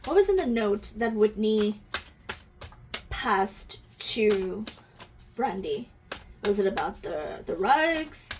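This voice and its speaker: A woman's voice: medium pitch, very animated, slow pace, long pauses, music in the background. A woman giving an intuitive energy reading to camera, musing aloud, asking questions and talking directly to her viewers, easily moved to emotion.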